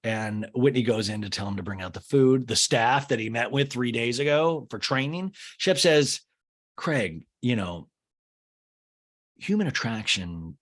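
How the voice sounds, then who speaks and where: A young man hosting a casual comedic recap, acting out quotes in exaggerated, higher put-on voices. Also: normal speed, few pauses. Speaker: podcast host recapping a reality show.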